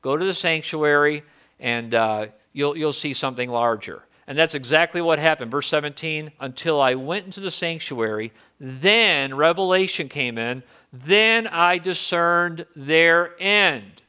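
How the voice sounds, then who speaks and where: A man's voice: a little high, a little slow, bright, forceful tone, clear, resonant tone. A male pastor giving a conversational sermon, often repeating words as he restarts phrases.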